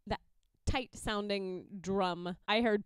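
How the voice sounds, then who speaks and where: A woman's voice: mid-range voice, slow pace, heavy background noise. A young woman casually explaining how she arranges songs for a looper, chatty and upbeat, sometimes singing or beatboxing short examples. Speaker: loop musician explaining her process. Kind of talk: casual tutorial talk.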